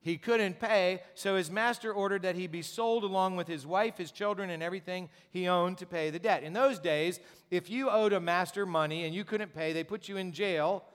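A man's voice: high-pitched, a little fast, few pauses, a bit bright, clear, resonant tone. A man preaching a sermon as a pastor, talking conversationally with rhetorical questions and repeated words. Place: church sanctuary. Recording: long church reverb.

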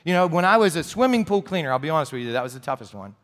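A man's voice: a little high, big pitch swings, racing, fairly bright tone. A middle-aged man preaching a sermon as pastor, telling stories in a chatty, joking way. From New Jersey, US. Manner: conversational storytelling with humor. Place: church sanctuary. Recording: long hall reverb.

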